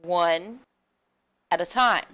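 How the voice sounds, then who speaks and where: A woman's voice: on the low side, extremely slow, sharp tone, exaggerated voice. A woman voicing a young woman taken for a witch, who speaks in a cool, threatening way.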